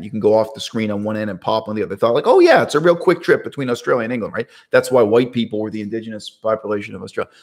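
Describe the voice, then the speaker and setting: A man talking to camera in a casual, unscripted monologue, rambling with restarts and asides. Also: fairly low pitch. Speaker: video essayist.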